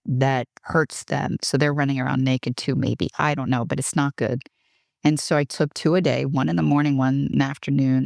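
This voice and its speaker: A woman's voice: extremely low pitch, darkish tone, no room sound, clean studio sound. A middle-aged woman, a guest on an interview podcast, telling frank, self-deprecating stories and acting out the dialogue. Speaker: guest, HR executive. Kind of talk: candid podcast storytelling.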